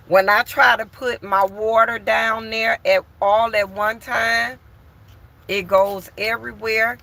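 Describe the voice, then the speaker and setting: A woman's voice: fairly high pitch, vocal fry, sharp tone. A woman vlogger chatting bluntly and candidly to her viewers from home while doing chores. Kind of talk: casual chat to viewers.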